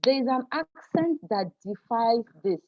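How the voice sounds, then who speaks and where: A woman's voice: fairly high pitch, lively intonation, measured pace, lo-fi sound. A woman teaching French pronunciation in an online class, patient and apologetic, often laughing and calling students dear.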